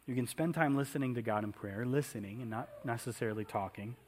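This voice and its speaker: A man's voice: medium pitch, fast, slight background noise. A man preaching a conversational sermon in a church, often asking the congregation questions. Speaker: pastor.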